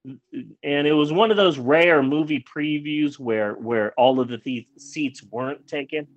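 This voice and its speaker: A man with a fairly high voice tells a personal story in a loose, animated way. He trips over his words, repeats himself and swears freely, and the recording sounds a little dull and lo-fi. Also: a little slow. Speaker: guest telling a personal story. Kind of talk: casual anecdote.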